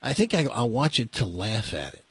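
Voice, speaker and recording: A male radio host talks and tells jokes in a wry, storytelling way. His voice is somewhat husky and moves lively up and down. The studio sound is dry and close. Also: medium pitch, brisk, dry recording. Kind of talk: casual radio talk and joke telling.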